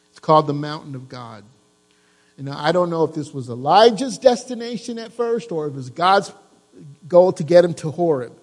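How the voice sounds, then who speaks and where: A man preaching a sermon to his congregation, lively, asking them questions and joking. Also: a little high, big-room sound. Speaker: pastor. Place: church.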